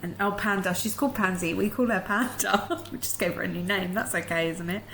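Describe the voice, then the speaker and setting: A woman's voice: mid-range voice, fairly quick, fairly bright tone, a little hiss or hum, rough recording. A woman recording a bubbly, affectionate voice-over aside for her vlog viewers. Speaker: van build vlogger.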